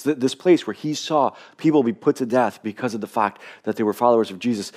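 A man's voice: medium pitch, brisk, hardly any pauses, darkish tone. A man preaching a sermon with passion, often repeating words as he starts a thought. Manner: impassioned, repeats words when starting phrases. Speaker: pastor.

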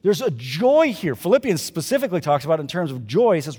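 A male pastor preaching a conversational sermon at a church service, swinging between loud emphasis and quiet asides to the congregation. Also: high voice, very animated, fast, husky, long reverb tail.

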